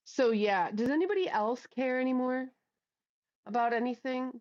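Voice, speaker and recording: This middle-aged livestream host wears a headset mic and chats casually and bluntly, with lots of swearing, as she reads out viewers' comments. Her voice is high, moderately paced and a little mellow, and the audio is dull.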